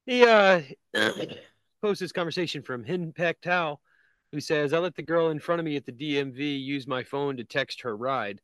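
A man co-hosting a casual comedy podcast, reading memes aloud in a deadpan way and laughing at his own jokes. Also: a little high, normal speed, clean tone, dry recording. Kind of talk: casual chat. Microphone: video call.

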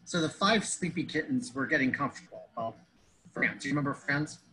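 A man's voice: medium pitch, lively intonation, brisk, sharp tone, low-quality recording. A man telling a comedic story in a pedantic, wordy way, fussing over grammar and metaphors.

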